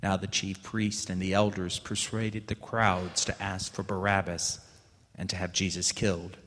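Male lay reader, lowish voice, dramatic on quotes, long church reverb. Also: flat delivery, a little slow, a bit bright. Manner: voices quoted lines with raised pitch and emphasis. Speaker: scripture reader. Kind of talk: liturgical scripture reading.

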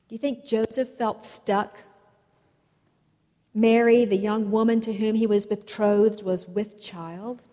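Slow-speaking woman preacher in a reverberant hall. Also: mid-range voice, dark tone. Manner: slow, measured storytelling delivery. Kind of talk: sermon. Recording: long reverb of a large hall.

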